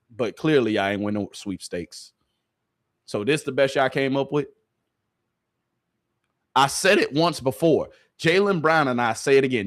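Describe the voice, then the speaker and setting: Heated man ranting about sports. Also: medium pitch. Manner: heated, repetitive, talks straight to the audience with slang. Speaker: host. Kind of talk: animated sports commentary to a stream chat.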